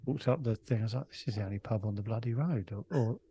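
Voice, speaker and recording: This middle-aged Englishman, a comedian guest, talks fast in a lowish, warm, husky voice. His casual anecdote rambles, with frequent restarts and chuckles.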